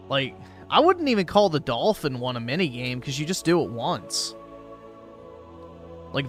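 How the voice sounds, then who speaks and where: A man speaks in an ordinary mid-range voice, calm and matter-of-fact. He sets points straight in casual gaming chat. Faint music plays behind him. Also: medium pitch. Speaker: co-host.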